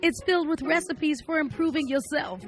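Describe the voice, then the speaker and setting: A woman playing a prim, proper self-help author giving a chirpy sales pitch. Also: moderate pace, faint music behind, natural voice.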